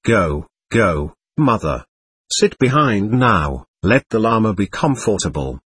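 A man's voice: lowish voice, very animated, takes it slowly, a bit bright, husky, dry recording, full character voice. A man doing a grumbling, nervous herdsman. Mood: gruff. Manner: grumbling, bossy. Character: frightened herdsman host, male, adult, gruff.

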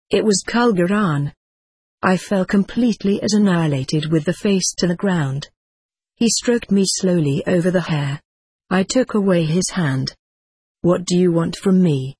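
A narrator reading a first-person story aloud in an even, slightly stiff manner. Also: mid-range voice, slightly rough, no room sound.

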